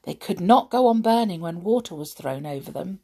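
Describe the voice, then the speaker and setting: A woman reading a children's story aloud, expressive, with dramatic gasps. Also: lowish voice, moderate pace, breathy edge.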